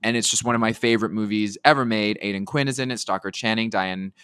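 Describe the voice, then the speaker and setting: A man's voice: fairly low pitch, fast talker, smooth, no room sound, studio quality. A man co-hosting a podcast, chatting casually and gushing as he tells stories. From United Kingdom. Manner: gushing, animated storytelling. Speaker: podcast co-host. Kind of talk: casual chat.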